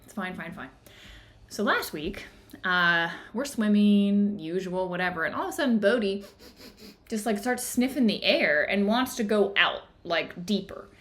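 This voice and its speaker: A woman hosting a book club livestream from home, telling a personal story in an animated, casual way. Her voice is bright and forward, and she slips into acted-out quotes as she goes. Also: medium pitch, a little slow. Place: home in the woods. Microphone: streaming device, live video.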